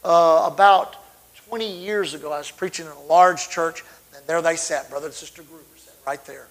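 A man's voice: on the high side, normal speed, poor audio. A middle-aged man from Texas, preaching a sermon as a fervent storyteller whose volume swells and drops suddenly.

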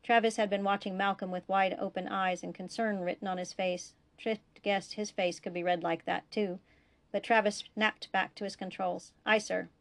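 A woman narrating a science fiction story aloud in a steady, even way. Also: mid-range voice, moderate pace. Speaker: fan fiction reader.

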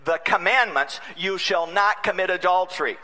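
A man delivering a sermon as a bishop, with a somewhat high, very bright and forceful voice. He is wry and humorous, dropping to a hush and then rising again. The sound carries the long reverb of a large conference hall. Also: moderate pace. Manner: wry, humorous, swings between loud and hushed. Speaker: bishop preaching.

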